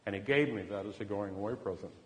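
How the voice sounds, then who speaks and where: A man telling a personal story in an earnest manner. He swings from loud bursts to hushed, near-whispered lines. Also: fairly low pitch, fast, long reverb tail. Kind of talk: personal anecdote.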